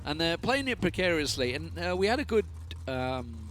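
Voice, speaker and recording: A man calls an esports match live, his voice sitting a little high. He jumps up sharply when the action turns, stumbling over restarts. A faint hiss runs under the recording. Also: moderate pace. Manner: excitable, rises sharply in big moments, stammers on restarts. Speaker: esports caster. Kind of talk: live play-by-play commentary.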